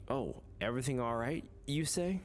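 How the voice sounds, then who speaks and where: A man's voice: medium pitch, animated, normal speed, noisy background, close to an everyday voice. Man putting on a crude British young hothead. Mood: annoyed. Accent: put-on British. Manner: insulting, exaggerated.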